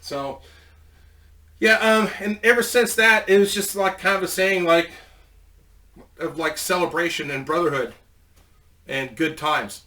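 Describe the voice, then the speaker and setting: A bright, forward-voiced man tells a loose, rambling story, dropping swear words freely and laughing at his own punchlines. He sits a little back from the microphone, so the sound is slightly distant. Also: high-pitched, steady tone, unhurried, pauses often. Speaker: storyteller, ex-wrestler. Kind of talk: casual profane storytelling.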